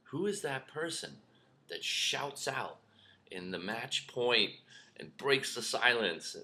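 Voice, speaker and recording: Lively storytelling man with a bright voice. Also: mid-range voice, slow. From lives in New York. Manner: animated storyteller, acts out shouts and whispers. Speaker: spiritual teacher. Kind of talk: storytelling talk to camera.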